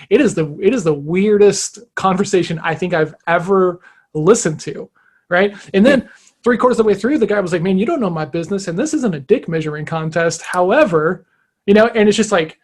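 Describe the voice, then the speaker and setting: A man co-hosting a podcast, chatting casually and animatedly retelling a story with quoted dialogue. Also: on the high side. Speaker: podcast co-host.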